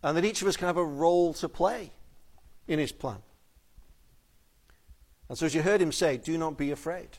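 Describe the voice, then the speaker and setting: Preacher, male, fairly high-pitched, earnest pleading sermon delivery with quiet emphatic drops. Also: moderate pace, long pauses. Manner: earnest, pleading, drops to soft intensity on key phrases.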